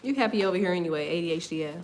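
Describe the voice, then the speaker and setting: A woman's voice: lowish voice, expressive, racing, darkish tone, a little hiss or hum. Laughing, profane tarot reader woman. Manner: loose, profane, laughs often, goes off on tangents. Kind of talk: casual tarot reading chat.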